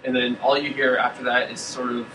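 Recorded at a distance in a spacious room with air-conditioner noise, this man runs a tabletop game as game master. His mid-range voice is fairly quick, relaxed but hesitant, with plenty of fillers.

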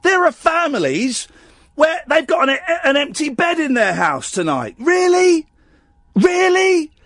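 A man's voice: extremely high pitch, big pitch swings, a little slow, fairly bright tone, dry recording, clean studio sound. A man hosting a late-night radio phone-in, jokey and rambling with stammering restarts.

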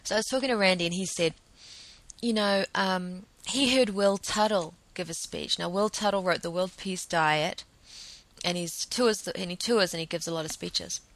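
A woman's voice: fairly low pitch, normal speed, a bit bright, no echo. Earnest woman podcaster, dry sound. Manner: earnest, repeats words while thinking aloud. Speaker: podcast host. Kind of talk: solo podcast monologue.

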